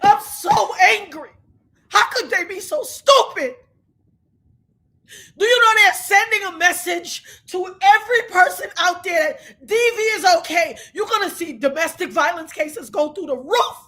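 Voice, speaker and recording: Furious high-voiced woman ranting live. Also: a little slow. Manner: furious, shouting, repetitive. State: enraged, near tears. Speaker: livestream host. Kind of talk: angry livestream rant.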